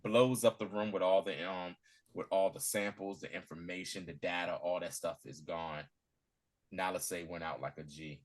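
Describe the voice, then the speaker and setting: A man's voice: low voice, fairly even intonation, normal speed. A man co-hosting a casual recap chat, retelling scenes with acted-out lines and laughter. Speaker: podcast co-host.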